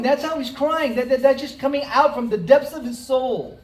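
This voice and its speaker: A pastor giving a conversational, story-driven sermon with dramatic pauses. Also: high voice, darkish tone. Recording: roomy hall, mic at a distance.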